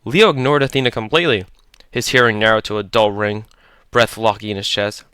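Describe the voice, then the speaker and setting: A man's voice: on the low side, steady tone, brisk, pushed and bright, clear, resonant tone, dry recording. A man narrating a horror story in a tense, clipped, dramatic way.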